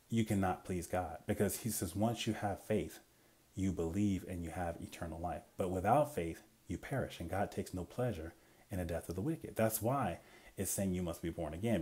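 A man with a low, mellow, slightly husky voice teaches from the Bible in a relaxed, conversational way. He reads verses aloud, keeps asking rhetorical "what?" questions, and builds into firmer emphasis as he makes his points.

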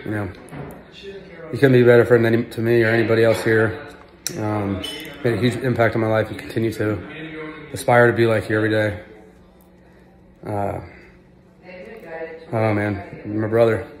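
A man giving a halting, earnest birthday tribute to a friend. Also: on the low side, roomy sound, low-quality recording. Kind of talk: casual spoken tribute.

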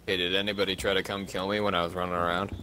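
A man's voice: deep voice, flat delivery, racing, sharp tone, a little hiss or hum. A man in gaming voice chat, giving blunt, cursing reactions. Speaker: gamer. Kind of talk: casual team voice chat.

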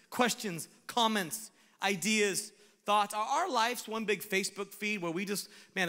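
A man preaching a sermon as pastor, animated, swinging between shouted lines and hushed asides. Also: sits high, in a large hall. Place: church sanctuary.

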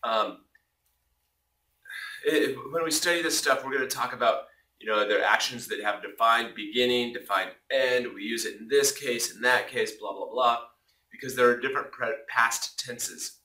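A Spanish teacher, a native English speaker, explains a lesson at normal speed in a bright, energetic, jokey way, punctuating his points with loud, booming exclamations. The room is reverberant and the mic is some distance away, so he sounds slightly far off.

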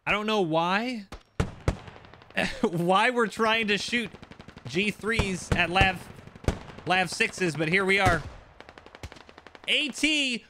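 A man commentating recorded shooter gameplay, excitable and quick to react, with wry asides. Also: sits high, background noise. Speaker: gaming channel host.

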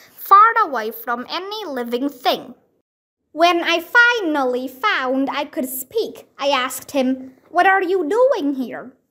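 A woman reading a children's book aloud as narrator, with a careful storytelling delivery. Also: high voice. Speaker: audiobook reader.

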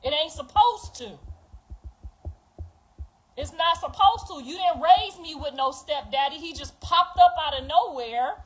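A woman's voice: high voice, expressive, unhurried, low-quality recording. Raw, profane middle-aged woman venting. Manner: raw, profane, confessional, swings from quiet to loud. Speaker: mother speaking out. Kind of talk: emotional monologue to viewers.

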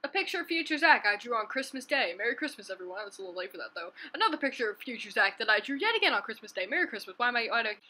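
A woman's voice: on the high side, very animated, rapid-fire, few pauses, sharp tone. A woman jokingly commenting on her own drawings, with goofy asides and put-on voices. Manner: jokey, often dropping into silly put-on voices and sung snippets. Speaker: artist showing her drawings. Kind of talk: playful comedic commentary.

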